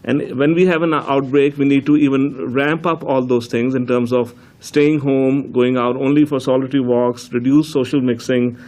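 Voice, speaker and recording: A middle-aged man, a public health officer, explaining things in a measured way with frequent fillers at a press briefing. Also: mid-range voice, fairly even intonation, darkish tone. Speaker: chief medical health officer.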